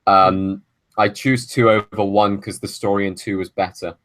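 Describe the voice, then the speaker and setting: A man's voice: lowish voice, flat delivery, normal speed, a bit bright, no echo. A man hosting a film podcast, making long opinionated arguments in casual chat. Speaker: podcast host.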